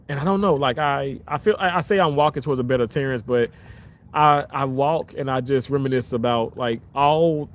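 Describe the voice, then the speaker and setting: This man hosts a livestream outdoors near the water, chatting casually into a phone held at arm's length and reading comments out. He rambles, restarts often, and his pitch spikes suddenly when he's excited.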